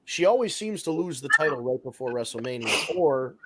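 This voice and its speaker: A man's voice: medium pitch, expressive, brisk, crowd noise. A man hosting a wrestling podcast in casual chat, rambling and swearing as he rants. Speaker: podcast host.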